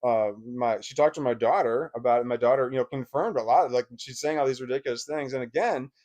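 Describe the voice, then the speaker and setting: A male vlogger with a mid-pitched, darkish voice talks fast as he recounts a personal story to camera. He's blunt and emotional, swears freely, and keeps breaking off and restarting his sentences.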